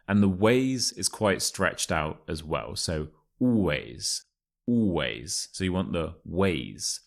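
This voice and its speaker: A young man with a Modern RP English accent teaching pronunciation, reading passages slowly and clearly, then chatting casually between them. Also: low voice. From England. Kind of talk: pronunciation lesson with read-aloud passages.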